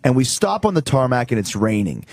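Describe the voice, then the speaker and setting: A man guest on a radio talk show, telling stories in a profane, animated way. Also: mid-range voice, fairly quick, no echo. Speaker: guest, wrestler and musician. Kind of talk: casual radio chat, storytelling.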